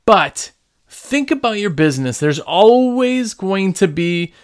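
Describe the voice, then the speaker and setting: A man tells business stories in a casual, animated ramble full of fillers and restarts. His voice is smooth and clear and sits a little high for a man. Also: slow. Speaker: small business owner. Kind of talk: casual storytelling.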